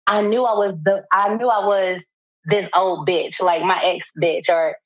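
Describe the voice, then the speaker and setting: A woman co-hosting a podcast who tells a story in a casual chat, animated and profane, laughing often as she talks. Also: fairly low pitch, a little slow, dry recording, dull audio. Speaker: podcast co-host.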